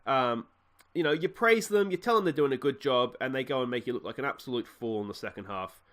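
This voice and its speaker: A man's voice: medium pitch, lively intonation, fairly quick, fairly bright tone. A young Australian man commenting on his football management game, rambling with fillers and growing exasperated at his team. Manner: mock tirade at his players. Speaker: gaming channel host. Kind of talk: let's play commentary.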